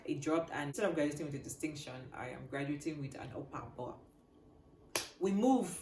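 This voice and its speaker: A young woman speaks to camera in a slightly low voice, telling a personal story. Her delivery is animated and drops quiet before rising loud again. The recording is roomy, with faint noise behind her. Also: brisk. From Nigeria. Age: young adult. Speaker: vlogger.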